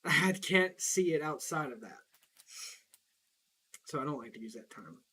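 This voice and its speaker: A man's voice: on the high side, lively intonation, unhurried, bright, forceful tone, a little hiss or hum. A young man with a Southern US accent, rambling in casual, profane chat while he plays a game, laughing often. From Southern United States. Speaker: gaming streamer.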